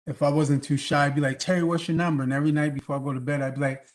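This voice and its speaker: A man's voice: mid-range voice, very fast. A man hosting an open mic over a video call, joking and telling stories in casual chat. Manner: joking, animated storyteller.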